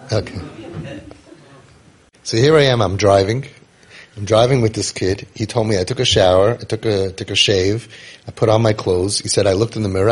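A man, casually telling a story and acting out the dialogue with lots of restarts. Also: lowish voice. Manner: animated storyteller, acts out dialogue, many restarts. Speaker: parenting guide telling a story.

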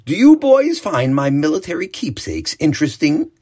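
A man voicing a cheerful older male war veteran, telling his stories in a warm, earnest way. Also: on the high side, huge pitch swings, normal speed, voice pushed up.

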